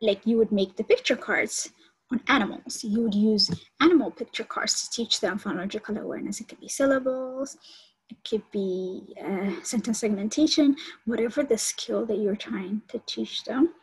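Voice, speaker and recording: A woman's voice: on the high side, normal speed, breathy edge, low-quality recording. A woman college instructor giving an online lecture and explaining teaching steps to her students.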